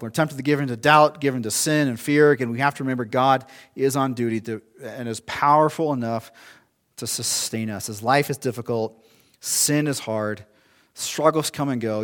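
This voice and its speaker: A man's voice: mid-range voice, fairly bright tone. A male pastor preaching a sermon in a conversational, storytelling way, with asides and restarts.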